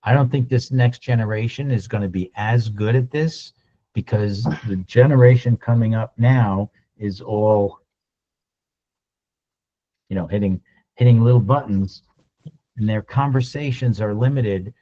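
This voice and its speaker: A man giving a lunch-and-learn sales talk, animated and acting out little dialogues as he goes. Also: fairly low pitch, unhurried, muffled recording. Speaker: sales trainer.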